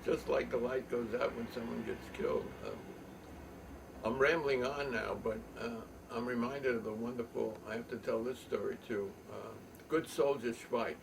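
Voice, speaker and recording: An older man telling a long rambling story, halting with many ums and restarts. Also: medium pitch, gravelly. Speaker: poet and storyteller. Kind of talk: rambling spoken reminiscence. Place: home loft. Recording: distant mic, faint room noise.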